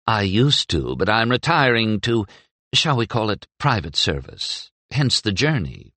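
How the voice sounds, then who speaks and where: A man's voice: fairly low pitch, very animated, measured pace, sharp tone, no room sound, pitched above the performer's own voice, full character voice. Man doing a poised, witty young woman. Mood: gracious.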